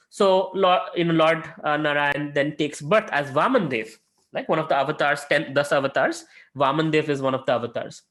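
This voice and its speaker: A man with a slightly high voice teaching an informal spiritual lesson as a mentor. He speaks conversationally, with many filler sounds, and acts out quotes from his stories. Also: normal speed, a bit bright.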